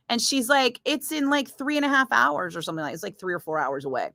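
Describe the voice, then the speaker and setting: A woman radio DJ chatting casually with viewers, telling a story in a lively, swearing style and acting out the other people's lines. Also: fairly high pitch, fast talker, gravelly, no echo, studio quality. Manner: chatty storyteller, swears freely, acts out voices. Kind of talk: casual chat.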